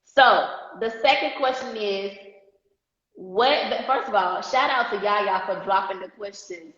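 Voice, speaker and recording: A woman's voice: mid-range voice, measured pace, a bit bright. A woman coaching a business class on a live stream, emphatic, repeating her key points and checking in with the audience. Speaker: marketing coach. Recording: echoey dull-sounding live stream audio.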